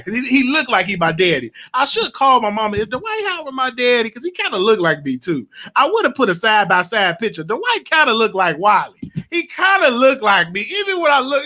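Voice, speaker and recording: Bright high-voiced young man hosting gossip talk. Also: fairly quick. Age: late 20s. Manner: emotional, rambling, animated. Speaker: show host. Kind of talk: casual gossip commentary.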